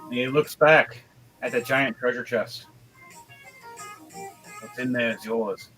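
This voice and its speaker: A man narrating as game master of a tabletop game, lively and quick with fillers. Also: mid-range voice, low-quality recording. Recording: faint music behind.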